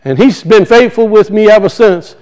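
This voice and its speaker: A man's voice: sits high, moderate pace, darkish tone, rough recording. A man preaching a sermon, emphatic and repetitive, his voice rising and falling as he drives points home.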